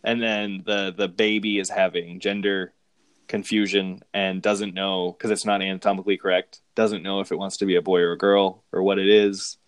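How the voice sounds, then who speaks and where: A man's voice: low voice, level tone, normal speed, clean tone, dry recording. A man in casual chat, rambling and amused as he recaps movie plots, often restarting his sentences.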